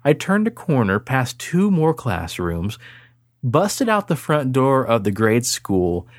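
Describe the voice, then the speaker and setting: A man in his thirties, co-hosting a podcast, telling a crude story in a lively, laughing way. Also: medium pitch, slow, no room sound, clean studio sound. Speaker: podcast host. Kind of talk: casual storytelling chat.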